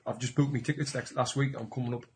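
A man's voice: medium pitch, fairly even intonation, fast, a little hiss or hum. A man hosting a podcast, chatting in a casual, matey way with his guest and addressing his listeners. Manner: friendly and matey, says "mate" often. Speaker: podcast host. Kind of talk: casual interview chat.

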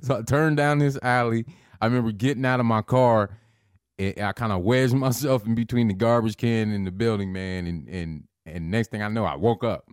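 Laid-back profane man, low voice. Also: normal speed, clear, resonant tone, no echo, studio quality. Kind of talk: casual storytelling chat.

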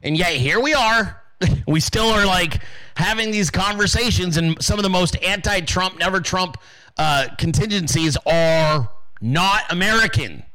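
A man's voice: high-pitched, pushed and bright, poor audio. A man hosting a podcast, ranting profanely in casual political commentary and calling his listeners dude and guys. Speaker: podcast host.

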